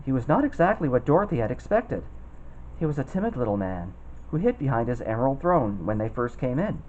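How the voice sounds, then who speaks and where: A man reading a children's storybook aloud, expressive and putting on voices for the characters. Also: medium pitch, brisk, highs cut off, a little hiss or hum. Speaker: storybook reader.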